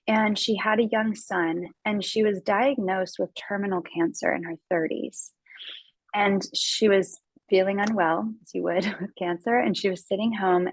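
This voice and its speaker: A woman's voice: medium pitch, no room sound, rough recording. An American woman, a podcast guest, talking earnestly in casual conversation, with many fillers and restarts.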